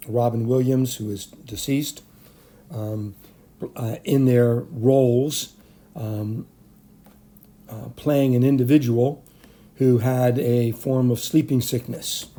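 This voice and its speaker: A middle-aged man narrates a chemistry lecture screencast in a warm, mellow voice of typical male middle pitch. It's improvised, peppered with ums, fillers and restarts as he corrects himself.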